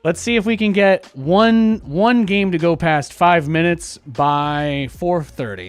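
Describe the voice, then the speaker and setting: A man's voice: on the high side, slow pace, smooth, faint music behind. A young man from New York City streaming a game and chatting casually, with sarcastic, ranting asides. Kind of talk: casual live-stream chat.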